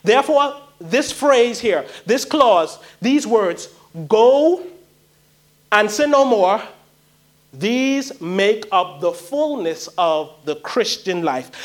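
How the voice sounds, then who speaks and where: High-voiced man preaching a pleading sermon. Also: lively intonation, slow. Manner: pleading, emphatic preaching with repeated phrases.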